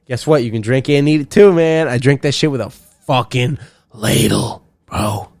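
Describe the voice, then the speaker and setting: A young man rants through his own comedy podcast, swearing freely and wandering from one point to the next. His voice sits at an ordinary middle pitch, recorded close and dry with no room sound. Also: moderate pace, dry recording. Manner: profane, rambling, animated. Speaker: podcast host. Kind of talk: solo comedic podcast rant.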